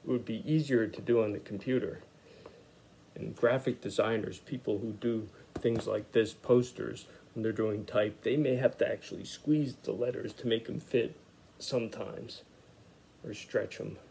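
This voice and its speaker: A man's voice: lowish voice, normal speed, gravelly, slight background noise. A man teaching an art lesson to children, talking through his lettering as he works and sounding out words for young readers in an easygoing, thinking-aloud way. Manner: relaxed, thinks aloud with frequent "uh" and "okay".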